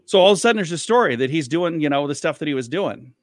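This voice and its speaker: Male comic guest, slightly high voice, rambling storyteller, dry mic. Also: lively intonation, dry recording. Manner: rambling anecdotal, quick to restart sentences. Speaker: comedian and radio host. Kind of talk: casual storytelling.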